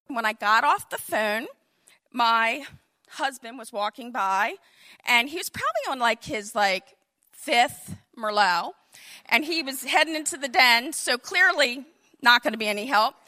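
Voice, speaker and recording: A woman in her fifties with a high, bright voice tells a personal story, unhurried and animated. She spins the tale with comic asides and a storyteller's flair.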